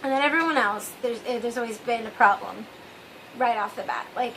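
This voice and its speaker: A woman's voice: a little high, fairly quick, a bit bright, slight background noise, low-quality recording. A woman hosting her own vlog and talking straight to her viewers in a rambling, candid way. She keeps trailing off with "I don't know" and drops in wry, self-mocking asides. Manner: addresses viewers directly. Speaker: vlog host. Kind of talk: casual confessional vlog monologue.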